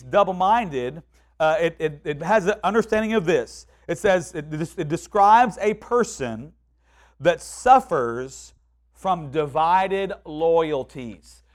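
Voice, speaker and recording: High-voiced man preaching a casual sermon. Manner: conversational, repeats words and restarts, quotes people in lively voices.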